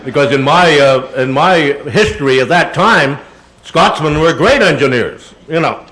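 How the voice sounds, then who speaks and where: An older man giving an animated, anecdotal talk to an audience, slipping into voices as he goes. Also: fairly high pitch, a little slow, low-quality recording. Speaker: guest speaker. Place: auditorium presentation.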